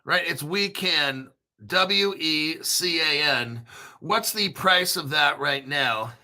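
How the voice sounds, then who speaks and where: A man hosting a crypto show in a casual livestream rant, profane and brash, often clearing his throat. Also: fairly high pitch, takes it slowly, sharp tone.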